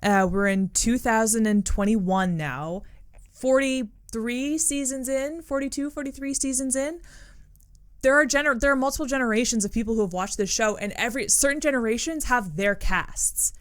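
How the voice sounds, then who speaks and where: A woman's voice: medium pitch, a little fast, few pauses, fairly bright tone. A woman co-hosting a podcast, chatting casually and rambling with lots of fillers. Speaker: podcast co-host. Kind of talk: casual chat.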